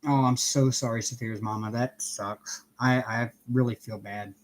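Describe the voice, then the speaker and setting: A man hosts a relaxed livestream from his home, welcoming viewers individually by name in a cheerful way as he crafts. He speaks at a normal speed with a medium pitch and fairly even intonation.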